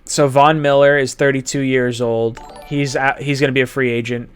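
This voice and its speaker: A man's voice: medium pitch, level tone, moderate pace, clean tone, faint music behind. A man hosting a casual sports talk show, chatty, laughing easily and rattling off player names and ages. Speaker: podcast host.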